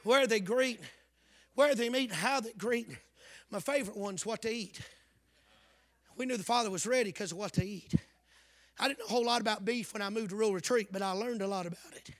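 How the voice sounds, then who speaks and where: A man preaching a fervent revival sermon, shouting out hallelujahs and telling folksy stories. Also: high voice, no echo. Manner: folksy storytelling.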